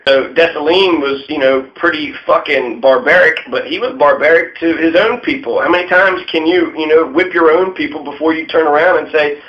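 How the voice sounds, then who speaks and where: A man's voice: a little high, fairly quick, few pauses. Irreverent man with lo-fi sound. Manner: irreverent, swears often, mocking asides. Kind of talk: profane casual history monologue. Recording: dull lo-fi sound.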